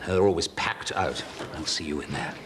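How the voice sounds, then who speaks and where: A man's voice: a bass voice, normal speed, noisy background. An actor playing a genteel, fussy male art tutor in a TV soap drama, with polite, formal speech. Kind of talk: soap opera acting.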